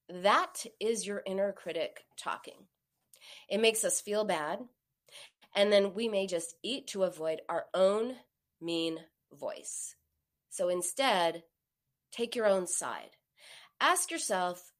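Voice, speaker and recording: A woman's voice: medium pitch, lively intonation, takes it slowly. A woman giving a coaching talk to an audience, acting out the quoted voices. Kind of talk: motivational talk on binge eating.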